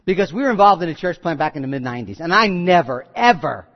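A man's voice: a little high, very animated, fast. Joking chatty preacher guy, kinda muffled sound, big echoey hall. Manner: conversational, joking, acts out quotes. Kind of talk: sermon. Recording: dull sound in a reverberant hall.

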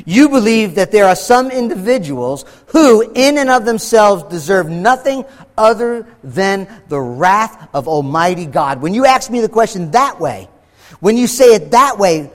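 A man preaching a sermon as pastor, slowing down for heavy emphasis and acting out quoted voices. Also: sits high, animated, big-room sound. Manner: preaching with dramatic slow emphasis and acted quotes.

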